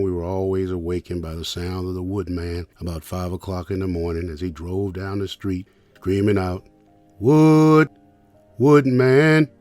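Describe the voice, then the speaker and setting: An older man from Richmond hosting a storytelling podcast, reminiscing in the first person and thanking listeners warmly. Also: low-pitched. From Richmond, United States. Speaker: podcast host and producer.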